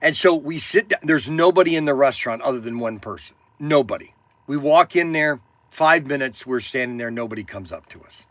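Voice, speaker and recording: A man's voice: medium pitch, expressive, brisk, a bit bright, dry recording. A man in his sixties hosting a stream, telling an indignant story with a raised voice. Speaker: hobby shop owner hosting a stream. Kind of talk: ranting storytelling.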